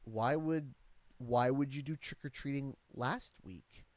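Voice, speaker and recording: A man's voice: medium pitch, measured pace, dry recording. A Canadian man in his thirties, a father and streamer, telling a story in a casual livestream, rambling with many restarts and growing exasperated.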